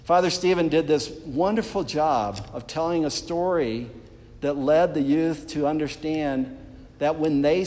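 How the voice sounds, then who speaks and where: A man's voice: fairly high pitch, mellow. Earnest man preaching in a reverberant church. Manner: earnest, addresses the congregation directly. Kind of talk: sermon. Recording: long reverb of a church hall.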